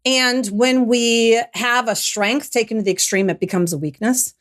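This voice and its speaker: A woman's voice: on the high side, normal speed. Middle-aged lady guest telling her story, thoughtful, lots of restarts. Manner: reflective, animated when retelling, frequent restarts. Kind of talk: podcast interview, personal storytelling.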